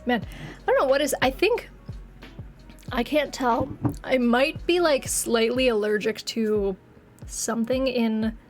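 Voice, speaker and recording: A woman's voice: on the high side, takes it slowly, long pauses, soft background music. A woman in her late twenties streaming games, chatting casually and rambling with viewers, laughing often, with a slightly congested, phlegmy throat. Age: late 20s. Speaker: game streamer.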